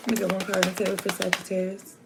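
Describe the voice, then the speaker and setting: A woman's voice: mid-range voice, level tone, racing, gravelly. A woman giving a casual, rambling tarot reading to her viewers, chatty and slangy. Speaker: tarot reader. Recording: noisy home recording.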